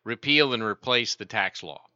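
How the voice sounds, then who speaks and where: Male talk-radio host, explanatory and rambling, crisp tone, dry sound. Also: fairly low pitch, lively intonation, moderate pace, sharp tone, no room sound, highs cut off. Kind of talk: call-in radio talk about markets.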